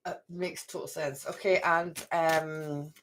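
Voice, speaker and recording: A woman in middle age reads oracle cards for her viewers at an unhurried pace. Her voice sits low, and she chats loosely, often thinking aloud to herself. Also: steady tone, very noisy. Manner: chatty, talks to herself, repeats phrases. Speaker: card reader. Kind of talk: live oracle card reading to viewers.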